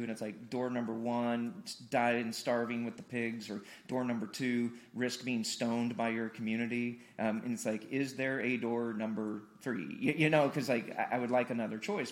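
A male pastor from Missouri, preaching a conversational sermon in a church and repeating words as he builds emphasis. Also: mid-range voice. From Missouri, USA. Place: church hall, streamed online.

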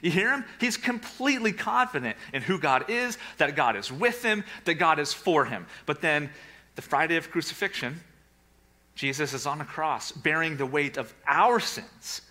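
A man preaching a sermon to a congregation and an online audience, animated, with sarcastic asides and hushed, quiet passages. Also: fairly high pitch, moderate pace. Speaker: pastor. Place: church with a livestream audience.

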